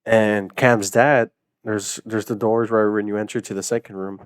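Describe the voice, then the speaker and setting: A young man with a lowish voice chats casually as a podcast guest. He rambles through his stories with lots of fillers and frequent laughs, and the sound is close and dry, with no room echo. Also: little pitch movement, normal speed, smooth. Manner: rambling storyteller, many fillers, laughing often. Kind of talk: casual chat.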